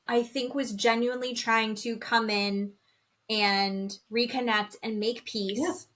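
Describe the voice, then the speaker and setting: A woman with a somewhat high voice co-hosts a chatty podcast. She retells a reality show with gossipy relish and dramatic quoting of the people in it. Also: takes it slowly. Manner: animated gossipy storytelling, acting out quotes. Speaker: podcast co-host. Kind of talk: casual chat recapping reality TV.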